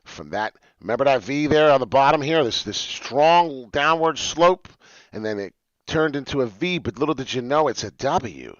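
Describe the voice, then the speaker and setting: A man streaming live to his followers, excitedly walking them through crypto price charts in casual talk. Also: medium pitch, normal speed, no echo. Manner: excitable, talks straight to followers. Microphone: webcam mic, seen on stream. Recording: dull lo-fi dry stream audio.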